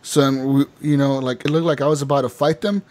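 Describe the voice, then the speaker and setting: A man hosting a casual gaming podcast, telling animated stories and laughing often. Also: medium pitch, fast talker. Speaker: podcast host. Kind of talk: casual chat.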